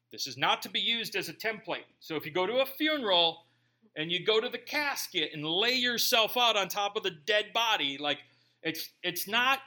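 A man preaching a sermon in an animated, conversational way, full of rhetorical questions to the congregation. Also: high voice. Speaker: pastor.

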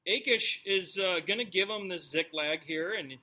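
A man with a high, bright voice leads a relaxed Bible study, reading verses and then talking them over. He jokes with the people listening in between. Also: moderate pace. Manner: conversational, joking asides to the congregation. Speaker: pastor. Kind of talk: casual verse-by-verse Bible teaching.

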